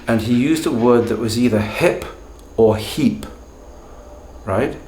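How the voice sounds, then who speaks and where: A man's voice: mid-range voice, a little mellow, echoey room, slight background noise. Man giving a pronunciation lesson. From Britain. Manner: deliberate, emphatic, tag questions. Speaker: language teacher, channel host. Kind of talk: explanatory video lesson.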